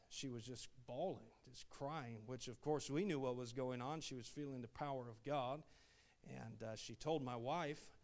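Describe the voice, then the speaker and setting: Male missionary preacher, mid-pitched, folksy storyteller, swells into loud "Amen" refrains. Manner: folksy, many "uh" fillers, rising to loud "Amen" calls. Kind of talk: sermon.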